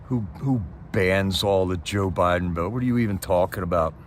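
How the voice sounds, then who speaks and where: A man's voice: deep voice, normal speed, a little hiss or hum. A man hosting a livestream, ranting about politics in a casual, impassioned way and firing off rhetorical questions while answering his chat. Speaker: livestream host reading chat.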